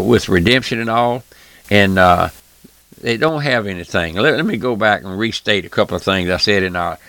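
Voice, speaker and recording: A man's voice: on the low side, gravelly, sharp tone, no echo. A man preaching a radio sermon, fervent and emphatic, repeating phrases and addressing listeners directly.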